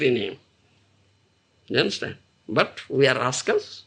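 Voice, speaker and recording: Animated man giving a devotional lecture. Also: mid-range voice, measured pace, creaky, long pauses, breathy edge. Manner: animated, asks the audience rhetorical questions; laughs often while teaching. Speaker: spiritual teacher. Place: lecture room with audience.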